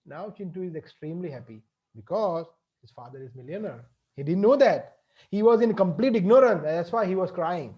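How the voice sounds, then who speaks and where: A man's voice: high voice, expressive, normal speed, a little mellow, dull audio. A man gives a devotional lecture, explaining with everyday examples and frequently checking in with "right?". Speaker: spiritual teacher.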